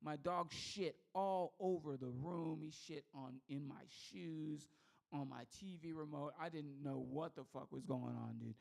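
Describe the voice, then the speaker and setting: A man's voice: on the high side, measured pace, vocal fry, darkish tone. A man from Texas doing a rambling, profane, self-mocking stand-up set. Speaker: stand-up comedian.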